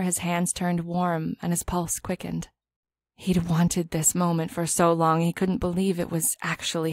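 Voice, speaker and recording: A woman narrating an audiobook in a calm, steady storytelling voice. Her pitch sits on the low side, and the recording is close and dry with no room sound. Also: no room sound. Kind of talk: scripted narration.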